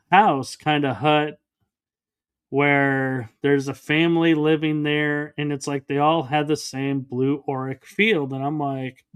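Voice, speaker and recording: A man's voice: fairly high pitch, smooth. A man, a podcast guest, recounting a personal experience in an interview and acting out the dialogue. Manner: storytelling that acts out quoted dialogue.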